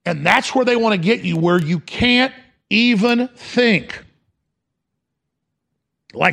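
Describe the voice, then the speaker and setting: A male talk radio host delivering a heated, rapid-fire rant, breaking into quick impressions. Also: high voice, creaky, a bit bright.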